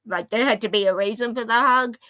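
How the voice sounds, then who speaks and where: A woman's voice: on the high side, fairly quick, sharp tone, no room sound, rough recording. A woman with an Australian accent, a guest on a video call, affectionate and self-deprecating, calling people my love and darling. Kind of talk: casual chat.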